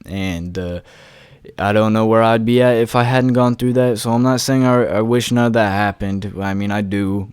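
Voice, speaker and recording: A man's voice: lowish voice, smooth, no room sound, studio quality. Laid-back, profane young man telling a story. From West Virginia. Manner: loose, profane and laid-back, acting out quoted voices. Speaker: vlogger. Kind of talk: casual storytelling.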